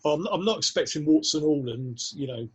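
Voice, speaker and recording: A man's voice: a little high, lively intonation, a little fast, husky. A man in casual podcast chat, jokey, acting out little scenes as he talks. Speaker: podcast panelist.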